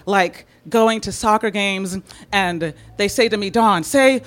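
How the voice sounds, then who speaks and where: A woman of middle pitch tells a personal story with plenty of energy. She is from San Francisco, laughs often, and slips into quick voices for the people she quotes. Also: fairly bright tone. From San Francisco, United States.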